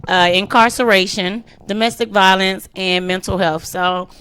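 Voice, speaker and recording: A woman's voice: mid-range voice, steady tone, moderate pace, a bit bright, clear, resonant tone. A woman hosting a radio talk show, chatty and loose, cheering her guests on. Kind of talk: casual radio panel talk.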